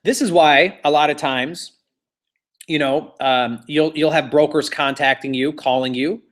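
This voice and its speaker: Casual male real estate instructor, chatty and repetitive, voice on the higher side. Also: steady tone, unhurried, a bit bright. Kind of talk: classroom lecture with storytelling.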